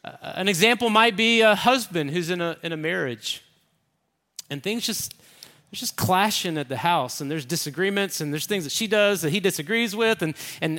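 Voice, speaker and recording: A man's voice: high-pitched, expressive, a little fast, bright, forceful tone. A man preaching a sermon as pastor, in a conversational, emphatic way, acting out the quotes. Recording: echoey hall.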